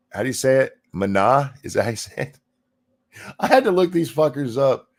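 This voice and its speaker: A man hosting a profane, sarcastic political commentary rant over video clips. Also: fairly low pitch. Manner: sarcastic, profane, mocking mimicry.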